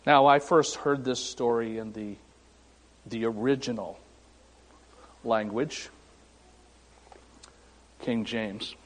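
A man preaching a sermon as pastor, pausing dramatically and voicing scripture and God's words with rising emphasis. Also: mid-range voice, slight background noise. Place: church sanctuary. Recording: long hall reverb.

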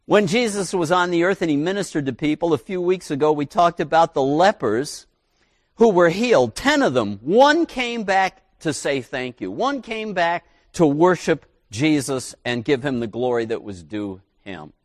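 A man's voice: a little high, expressive, moderate pace, no echo, clean studio sound. A middle-aged male pastor preaching a sermon in a folksy, conversational way with asides to the congregation.

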